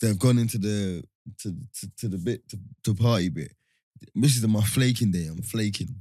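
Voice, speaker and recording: A man telling stories in casual slang, laughing often and drifting quieter mid-story. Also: on the low side, moderate pace, dry recording, clean studio sound.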